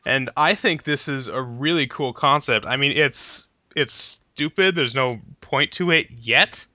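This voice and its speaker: A man's voice: medium pitch, a little slow, pushed and bright, no echo. A young man hosting a casual gaming podcast, laughing often and talking with enthusiasm. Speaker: podcast host.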